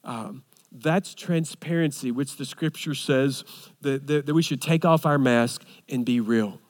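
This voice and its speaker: A male pastor delivering a sermon with an earnest, rhythmic build of repeated phrases. His voice sits a little high for a man, and a long hall reverb trails each line. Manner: earnest, repetitive preaching cadence with frequent restarts and lists.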